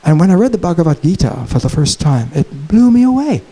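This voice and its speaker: A man giving a conference keynote lecture, telling a story in an animated, digressive way. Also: fairly high pitch, fairly quick, slightly rough, poor audio. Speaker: keynote speaker. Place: conference hall, Chicago.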